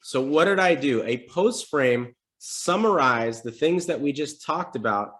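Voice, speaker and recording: Speaking in an unhurried, higher-pitched voice, a man runs a live stream for salespeople from his desk at home. He keeps things casual and lively, demonstrating sales calls through role-play as he teaches.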